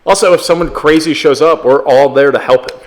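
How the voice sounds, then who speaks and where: A man's voice: fairly high pitch, fairly quick. A man co-hosting a casual podcast, tossing in wry, teasing remarks.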